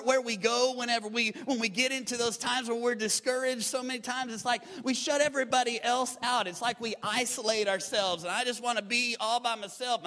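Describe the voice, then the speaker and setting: High-voiced preacher in a reverberant hall. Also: male voice, pushed and bright. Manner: emphatic, call-and-response exhortation. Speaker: pastor. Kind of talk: sermon.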